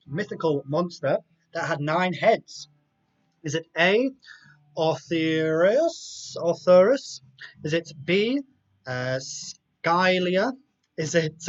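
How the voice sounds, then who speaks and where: A man with a high voice hosts a live online quiz, reading each multiple-choice option aloud and dropping chatty asides between questions. The sound is dull and lo-fi, with faint music playing underneath. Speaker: quiz host.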